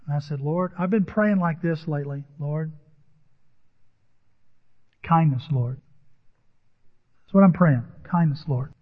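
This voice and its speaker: Pastor telling a story in a reverberant hall. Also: male voice, fairly high pitch, a little slow, long pauses. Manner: personal anecdotes with quoted dialogue, earnest. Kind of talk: sermon storytelling. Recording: dull audio with long hall reverb.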